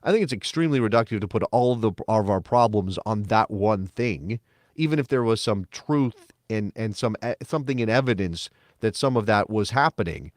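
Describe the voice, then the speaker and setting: A man co-hosting a soccer podcast in casual talk, animated, sometimes mocking others in a high voice. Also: fairly quick, dry recording, clean studio sound. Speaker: podcast co-host.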